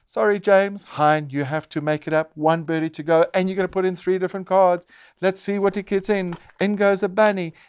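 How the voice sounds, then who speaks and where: A man's voice: high voice, fairly even intonation, brisk, a little mellow, clear, resonant tone. A man presenting a board game show, narrating each turn play-by-play and exclaiming as pieces come out.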